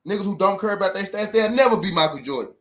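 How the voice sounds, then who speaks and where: Man hosting live sports talk, high-pitched, argues and swears, repeats lines. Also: lively intonation, quick pace, fairly bright tone. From Memphis, Tennessee. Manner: profane, repetitive, argumentative.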